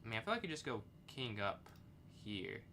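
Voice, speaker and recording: Young male streamer talking through live chess games, bright tone, quick outbursts, faint typing behind. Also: fairly low pitch, a little hiss or hum. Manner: thinks aloud, reads chat, excitable outbursts.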